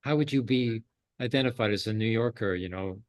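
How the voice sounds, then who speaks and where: A man from Montreal, chatting casually and interjecting, his asides trailing off softly. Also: on the low side, brisk, no room sound. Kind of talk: casual chat.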